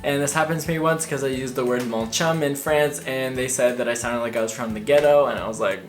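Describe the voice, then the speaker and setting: A woman's voice: very deep voice, brisk, soft background music. A young woman from Canada giving a casual, friendly explanation to her viewers in a vlog. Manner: friendly, chatty teaching tone. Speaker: language vlogger.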